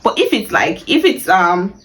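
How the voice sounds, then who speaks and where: A young woman with a Nigerian accent talks through a casual video lesson at a relaxed, conversational pitch. She is chatty and laughs easily, leaning into each example phrase with playful emphasis. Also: unhurried, low-quality recording. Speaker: language teacher.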